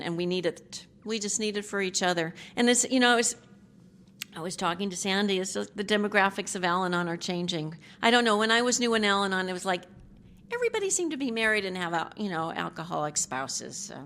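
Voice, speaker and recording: A woman's voice: lowish voice, fairly bright tone, a little hiss or hum. A middle-aged woman giving a personal testimony as a speaker at a recovery group meeting, candid and rambling with frequent asides and self-deprecating humor.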